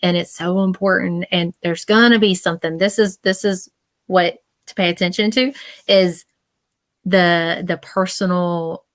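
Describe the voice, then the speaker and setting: A woman with a fairly low voice gives a live-stream psychic reading, earnest and reassuring as she circles back to the same points. The sound is dry, with no room around her. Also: steady tone, a little slow, dry recording. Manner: emotional. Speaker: psychic medium.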